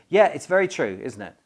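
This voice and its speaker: A man with a southern English accent, a teacher trainer chatting casually in a teasing, playful way. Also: high voice. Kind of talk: casual chat.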